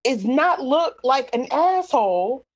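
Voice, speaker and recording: Lively higher-voiced woman on a podcast. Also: takes it slowly. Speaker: podcast co-host. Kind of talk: casual chat.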